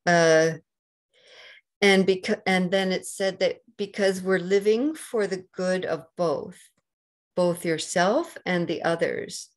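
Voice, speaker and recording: A woman with a Canadian accent giving a dharma talk as a meditation teacher, gentle and unhurried, pausing often with soft fillers. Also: lowish voice. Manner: slow and gentle, with many pauses and fillers.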